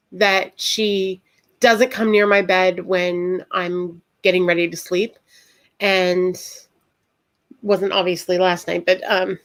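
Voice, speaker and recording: A woman guest in a casual chat, rambling between thoughts and getting animated when excited. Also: mid-range voice.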